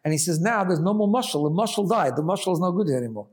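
Man teaching Chassidus, slightly high voice. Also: animated, very fast, a little mellow. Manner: explanatory, asks rhetorical "right?" often, mixes Hebrew phrases. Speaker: Torah teacher. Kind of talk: Chassidic Torah class.

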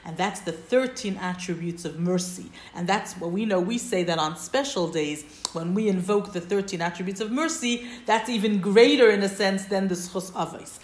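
A woman leads a text-study class at a middle pitch, walking through each point and checking in with her listeners. Her voice carries a noticeable roomy echo. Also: normal speed. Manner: explains step by step, checks in with "right?". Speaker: Torah teacher.

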